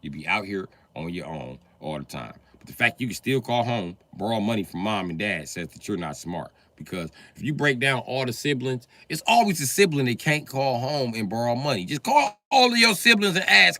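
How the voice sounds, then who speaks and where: A man's voice: normal speed, hardly any pauses. A man doing a profane comedy rant on a live stream, breaking into put-on voices. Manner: profane, animated, acts out voices with big pitch jumps.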